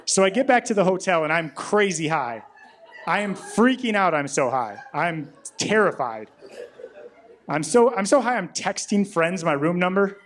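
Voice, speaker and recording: A young man doing a stand-up comedy set in a club, telling stories deadpan and acting out the other people with quick voice shifts. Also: high voice. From Rockford, Illinois. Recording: live club recording with audience noise. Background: audience laughter.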